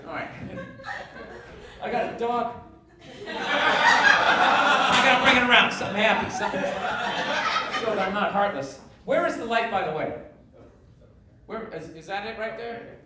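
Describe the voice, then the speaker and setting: On stage, a high-pitched male comedian delivers a sarcastic, foul-mouthed stand-up rant a little slowly, leaving long pauses. Audience laughter comes through an echoey, distant recording full of loud noise.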